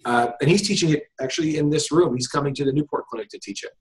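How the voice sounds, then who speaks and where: A man's voice: a little high, quick pace, rough recording. Casual, rambling male hypnosis teacher. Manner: casual, thinks aloud with frequent fillers and restarts. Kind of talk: conversational interview. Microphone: video call.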